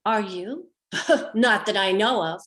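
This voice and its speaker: A woman's voice: mid-range voice, slow pace, fairly bright tone. A middle-aged woman performing a personal story with wry, dry humor, slipping into quoted voices now and then. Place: home, online show.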